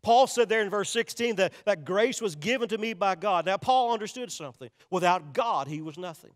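High-voiced preacher in a reverberant church. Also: male voice, lively intonation, a little fast. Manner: emphatic, repetitive preaching with direct appeals to the congregation. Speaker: pastor. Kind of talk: sermon. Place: church sanctuary. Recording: long reverb of a large church sanctuary.

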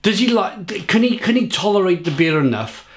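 A man's voice: high voice, animated, moderate pace. A man with a British accent, a beer reviewer and pub manager, swearing and rambling through an angry rant to camera. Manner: sweary, rambling, repeats himself.

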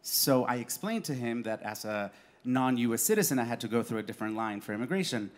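A man performing autobiographical cabaret storytelling on a live stage, animated and laughing through his lines. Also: mid-range voice, fast talker.

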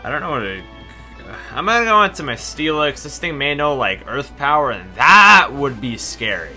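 A man's voice: mid-range voice, big pitch swings, normal speed, pushed and bright, soft background music. A man co-commentating a game with a friend, laid-back, quipping and reacting to battles. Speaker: co-op gaming partner. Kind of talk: casual co-op gameplay commentary.

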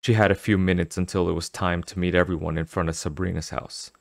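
A man narrating an audiobook in an expressive, dramatic storytelling manner. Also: deep voice, fast talker, vocal fry, no room sound, clean studio sound.

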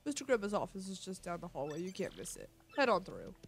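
A woman's voice: medium pitch, sing-song, fast talker. A woman voicing a curt male door guard at a fighting arena, reading game dialogue aloud. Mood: gruff. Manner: curt, calls everyone bub.

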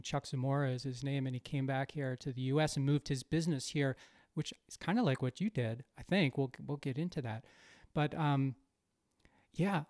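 A man's voice: mid-range voice, a little mellow, dry recording, studio quality. A man from the United States hosting a podcast, asking rambling, enthusiastic questions full of fillers. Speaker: podcast host. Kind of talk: casual interview talk.

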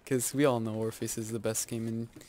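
A man giving live gameplay commentary, excitable and self-mocking, yelping and groaning as he plays. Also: medium pitch, normal speed, noisy background. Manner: excitable, yelps and groans at in-game deaths; self-mocking, joking asides. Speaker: video game YouTuber. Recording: loud game gunfire under the voice.

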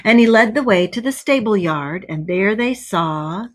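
A woman's voice: medium pitch, expressive, measured pace. A woman teacher reading a story aloud to children, stopping to explain words.

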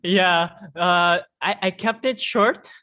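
A man from Suriname with a somewhat high voice talks as an interview guest. He tells his stories in a relaxed, conversational way and laughs easily. He stays expressive throughout. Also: takes it slowly. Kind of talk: casual conversational storytelling.

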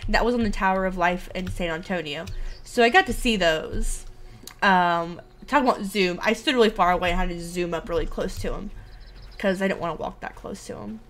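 A woman streamer chatting casually and reacting out loud as she plays a horror game. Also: fairly low pitch, a little fast. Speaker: gaming streamer. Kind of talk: casual let's play commentary.

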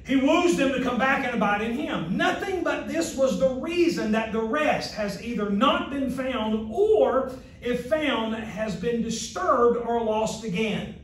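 A male Bible college instructor giving a recorded lecture, reading quotes slowly with earnest asides and restarts. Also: very high-pitched, animated. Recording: very echoey room, mic at a distance.

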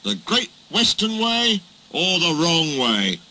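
A man voicing a proud, shrewd male tank engine, crisp and matter-of-fact with a dry, teasing edge. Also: a little high, big pitch swings, slow, sharp tone, pitched above the performer's own voice, heavily acted, low-quality recording. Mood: firm.

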